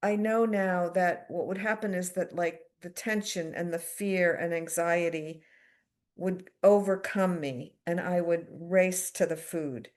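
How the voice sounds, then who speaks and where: A woman's voice: on the low side, steady tone, unhurried, darkish tone. A middle-aged woman from the United States giving a candid, self-deprecating personal recovery share at a twelve-step meeting, with fillers and wry asides.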